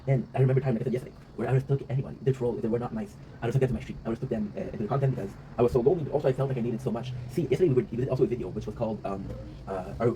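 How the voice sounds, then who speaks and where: Rapid-talking man, rambling vlog monologue. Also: mid-range voice, warm tone. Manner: rambling, reflective, swears freely, often tags "right?". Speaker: vlog host. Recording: noisy ambient background.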